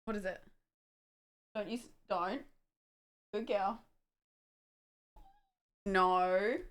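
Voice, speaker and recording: A woman's voice: medium pitch, fairly even intonation, extremely slow, fairly bright tone. A young woman casually chatting on a livestream at home, distracted by her dogs, swearing and laughing.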